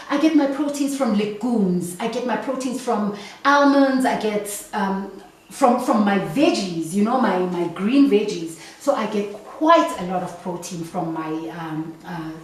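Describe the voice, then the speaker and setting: A South African woman talks casually to her camera, chatty and lively, and sometimes mimics the people she quotes. Her voice sounds set back from the mic in a very echoey room. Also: mid-range voice, recorded from a distance. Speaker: vlogger.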